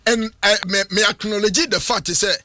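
Emphatic Ghanaian sports pundit, high voice. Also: male voice, normal speed. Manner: animated, emphatic, bursts into shouting. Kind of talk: studio sports debate.

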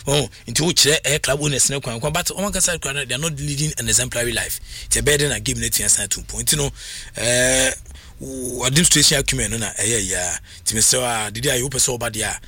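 A man talking football on sports radio, animated and full of halting restarts. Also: mid-range voice, slightly rough, dry recording. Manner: animated, mixes Twi and English, halting restarts. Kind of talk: sports talk radio chat.

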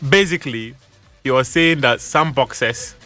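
A man's voice: mid-range voice, normal speed, sharp tone, faint music behind. A young Ghanaian man co-hosting a radio show, bantering playfully and mixing languages. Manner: playful, code-switching, laughs often. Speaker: co-host. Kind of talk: casual studio banter.

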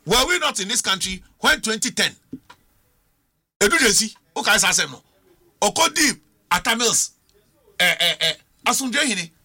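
A middle-aged man with a Ghanaian accent makes his case on a political talk show. His voice is very bright and cutting, and his pitch climbs and falls widely. He pushes every point with emphatic rhetorical questions. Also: lively intonation, normal speed, pauses often. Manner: emphatic, argumentative, rhetorical questions, mixes languages. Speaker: political panelist.

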